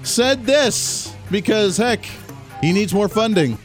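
A man hosting a talk radio show, giving sarcastic, animated, unscripted political commentary. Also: sits high, takes it slowly, music in the background.

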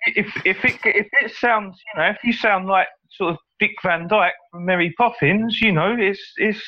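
A man's voice: sits high, normal speed. Hesitant Englishman on a muffled line. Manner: hesitant, repeats words often. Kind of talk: casual chat. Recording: muffled lo-fi audio.

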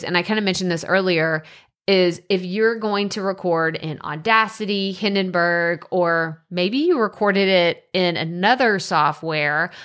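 A woman's voice: mid-range voice, fairly bright tone. Chatty woman podcast host, casual advice. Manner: chatty, uses many filler words like "like" and "so".

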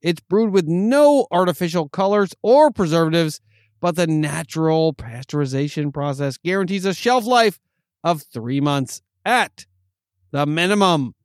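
With lively intonation and a fairly high pitch, a male podcast co-host speaks a little slowly while tasting drinks. His casual chat is enthusiastic and rambling, full of restarts and hiccups, captured at studio quality without echo.

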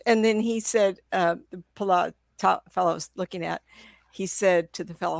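This older woman, a psychic medium guest with a sore throat, speaks briskly in a fairly low, creaky voice with a steady tone. Her storytelling is casual and rambling, with frequent restarts, and the recording is dry and studio quality.

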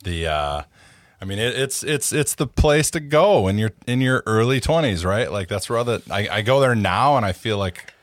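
Deep-voiced, halting man. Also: expressive, no room sound, clean studio sound. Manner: halting, repeats words, self-deprecating. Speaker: podcast co-host. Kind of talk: casual chat.

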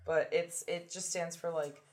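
A woman's voice: on the low side, steady tone, measured pace. A woman co-hosting a podcast in loose, joking casual chat, swearing freely. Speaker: podcast co-host.

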